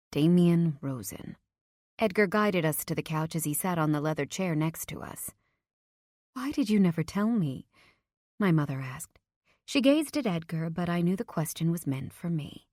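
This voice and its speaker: Woman narrating a romance audiobook, low voice. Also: darkish tone, no room sound, clean studio sound. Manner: emotional first-person reading with voiced dialogue.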